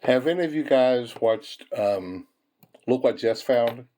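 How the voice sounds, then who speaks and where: With a warm, animated, medium-pitched voice, a little slow, a man hosts a coin-hunting video amid slight background noise. Sorting pennies and searching coin rolls, he chats folksily with viewers, chuckling often and referring to them as folks.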